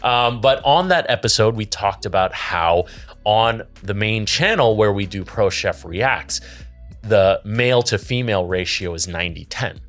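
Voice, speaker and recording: A man's voice: lowish voice, lively intonation, a little slow, fairly bright tone, soft background music. A man hosting a podcast, tipsy, laughing often and chatting while he reads viewer comments aloud. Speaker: podcast host. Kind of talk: casual podcast chat.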